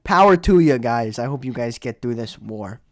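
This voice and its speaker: A young man cohosting a podcast, telling jokey stories in casual chat that drop to quiet mumbles and swing back up loud. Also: medium pitch, moderate pace. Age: young adult. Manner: animated storytelling, jokey, trails into mumbles. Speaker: podcast co-host.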